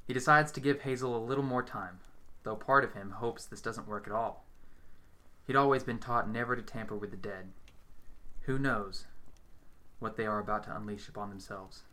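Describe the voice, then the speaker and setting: A man reading a horror story aloud in a steady, measured storytelling voice. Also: on the low side. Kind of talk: dramatic horror story narration.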